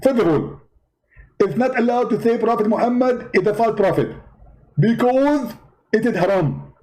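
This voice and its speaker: A man doing a high-pitched smug preacher. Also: lively intonation, warm tone, low-quality recording. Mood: scolding. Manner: haughty, scolding, quick to insult. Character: smug, pompous male preacher debating. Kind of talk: parody debate skit.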